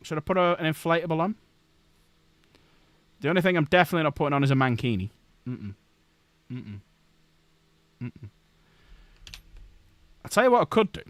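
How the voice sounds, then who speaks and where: A man's voice: fairly high pitch, lively intonation, normal speed, pauses often, dry recording. A man hosting a casual live stream at his desk, joking, swearing and laughing often. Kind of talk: casual live-stream chat while building models.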